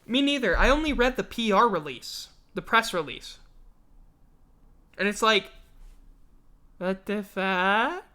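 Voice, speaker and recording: A man's voice: sits high, very animated, moderate pace, long pauses, bright, forceful tone. A man hosting a live stream, chatting casually and rambling, swearing freely and joking at his own expense while sounding yawny and tired. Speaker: livestream host.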